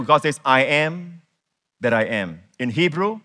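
A man preaching a sermon to a congregation, animated and emphatic, repeating words and putting questions to his listeners. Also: mid-range voice, unhurried. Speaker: pastor.

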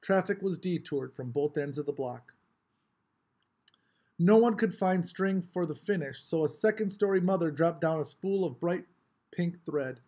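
A man reading a novel aloud with expressive, varied storytelling. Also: fairly high pitch, a little slow. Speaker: audiobook reader.

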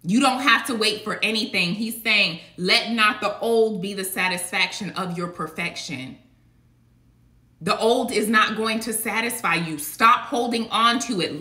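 A woman's voice: medium pitch, sharp tone. A woman preaching a casual devotional message, emphatic and colloquial, with rhetorical asides. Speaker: online preacher. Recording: echoey room.

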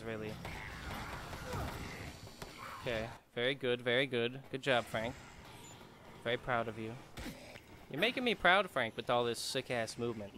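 A man's voice: medium pitch, background noise. A man giving casual, joking let's-play commentary, chatty and laughing often. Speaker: gamer streamer.

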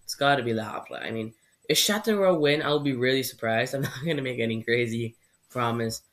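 A man's voice: medium pitch, fairly quick, fairly bright tone. A young man from Canada hosting his own football vlog, chatting casually through his predictions and stumbling over names. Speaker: football channel host.

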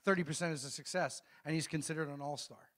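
Here a middle-aged pastor, his voice slightly high for a man, steady and a bit bright, delivers a call-and-response sermon. He asks the congregation questions and pauses for their replies, and when reading scripture he slows right down, pressing emphatically on every phrase.

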